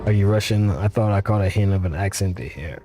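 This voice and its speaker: A man's voice: fairly low pitch, brisk, warm tone, soft background music, lightly acted. A man voicing a game's player character in a direct, matter-of-fact way. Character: plain-spoken game player character.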